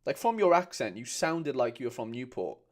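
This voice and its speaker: A young-sounding man hosting a relaxed stream. He chats loosely with his viewers, reads their comments aloud and keeps calling everyone mate. His pitch sits in an ordinary middle range. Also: fairly quick. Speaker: host. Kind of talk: casual livestream chat.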